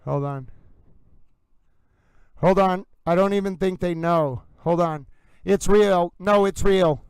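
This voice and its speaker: An excitable man hosts a live commentary stream, reacting with growing alarm and amusement. His voice sits high for a man and comes across smooth and clear. The recording is dry and close, with no room sound. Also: slow, dry recording, rough recording. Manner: excited, addresses "ladies and gentlemen" constantly. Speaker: livestream host.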